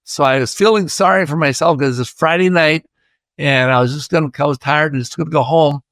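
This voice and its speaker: A man's voice: fairly high pitch, a little fast, fairly bright tone, dry recording. An older man from Iowa, a podcast guest, chatting through a rambling personal story and acting out the voices of people he quotes.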